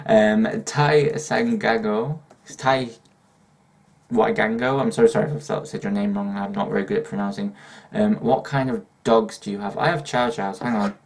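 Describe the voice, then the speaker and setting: A man's voice: on the low side, a little mellow. A young man with a northern English accent, chatting hyperactively in a Q&A vlog, swearing and laughing often. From northern England. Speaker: YouTuber. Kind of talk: casual Q&A vlog.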